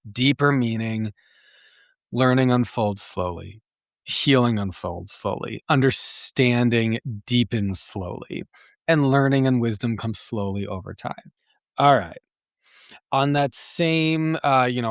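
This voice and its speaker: A man's voice: medium pitch, no room sound, clean studio sound. A man hosting a solo therapy podcast, talking in a thoughtful, reflective way with frequent fillers. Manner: thoughtful, with frequent fillers and acted self-talk.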